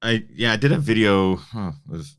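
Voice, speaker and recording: A man hosting a live show, chatting in an animated way with exclamations and laughs. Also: fairly low pitch, normal speed, clean tone, no echo, clean studio sound. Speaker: podcast host. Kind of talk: casual chat on a live show.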